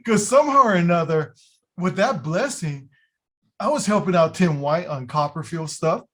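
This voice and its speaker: A man telling stories in a casual interview, animated, acting out quotes with lots of fillers and restarts. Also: high-pitched, normal speed. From United States. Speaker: guest, illusion builder.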